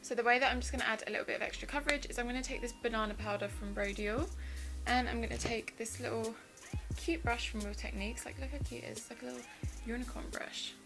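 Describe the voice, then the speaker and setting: This young beauty vlogger, in her twenties, keeps up a quick pace as she chats enthusiastically through her makeup steps over background music. Her voice is a little high and steady in tone, with vocal fry, and the audio is poor.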